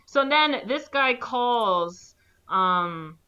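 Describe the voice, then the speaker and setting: A woman's voice: fairly high pitch, lively intonation, extremely slow, sharp tone, muffled recording. A young woman casually recapping a movie plot, rambling with lots of "like" and acting out the characters' lines.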